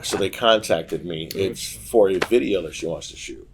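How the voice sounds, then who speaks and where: A deep-voiced podcast guest tells casual stories at normal speed over a noisy background. He gets animated and acts out the voices of the people he's quoting.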